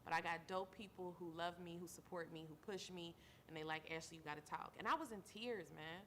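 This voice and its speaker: A woman's voice: on the low side, fairly even intonation, brisk, pushed and bright, a little hiss or hum. A tired mother hosting her own show, giving an earnest monologue that repeats phrases for emphasis and calls listeners baby. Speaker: show host. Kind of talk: heartfelt talk-show monologue.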